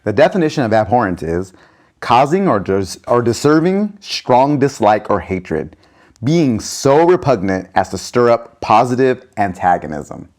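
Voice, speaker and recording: A man co-hosting a comedy podcast, chatting casually with dry, deadpan jokes. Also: medium pitch, a little slow. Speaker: podcast co-host.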